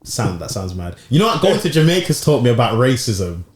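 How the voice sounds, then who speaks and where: A man's voice: medium pitch, a little fast. A young man with a Birmingham accent co-hosting a podcast, arguing his point animatedly in casual slang. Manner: animated, argumentative, slang-heavy. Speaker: podcast co-host. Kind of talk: casual chat. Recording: echoey room.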